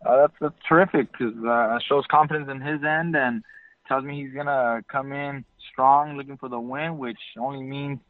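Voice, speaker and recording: A boxer, a man, answering interview questions in a calm, mellow, measured way. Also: mid-range voice, no room sound. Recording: phone line.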